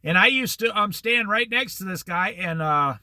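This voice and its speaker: A man's voice: high voice, animated, normal speed, bright, forceful tone, dry recording. An older man telling a long, rambling personal anecdote in a casual storytelling monologue, acting out the back-and-forth of old conversations. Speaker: host.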